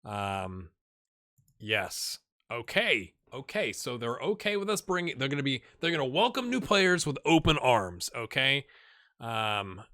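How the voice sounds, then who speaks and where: A man's voice: medium pitch, bright, forceful tone. A man hosting a gaming channel, giving casual gameplay commentary, chatty and muttering asides to himself.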